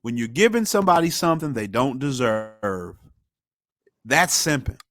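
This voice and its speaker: A man co-hosting a casual political talk show, with a middle pitch. He reads news items at a measured pace and drops in wry remarks between them. The recording is dry and close. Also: big pitch swings, a bit bright, no echo. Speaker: podcast co-host. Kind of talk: casual political chat, reading news aloud.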